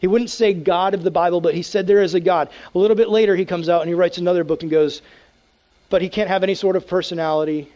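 Lively youth pastor preaching casually. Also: male voice, sits high, quick pace, dull audio. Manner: casual, animated preaching with acted prayers. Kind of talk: youth sermon.

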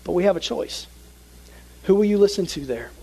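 A young man preaching to a youth group, telling a story with lively, animated energy. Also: sits high, moderate pace, breathy edge, poor audio. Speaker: youth pastor. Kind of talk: sermon with a personal story.

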